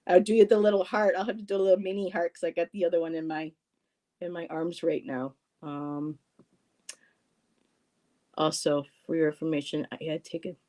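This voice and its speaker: A woman with a fairly low, warm voice hosts a casual livestream on a low-quality recording. She reads viewer comments aloud and greets people by name, with frequent ums and restarts.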